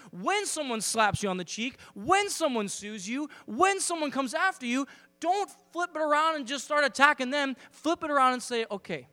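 A man preaching to his church in a high, bright-toned voice, switching into playful acted-out asides as he talks. The sound is dry and close, with no room around it. A faint mains hum runs underneath. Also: dry recording. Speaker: pastor. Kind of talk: sermon.

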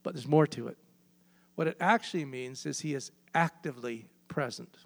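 A man's voice: medium pitch, moderate pace, gravelly. A man preaching a sermon, emphatic and repeating key phrases for weight. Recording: long hall reverb.

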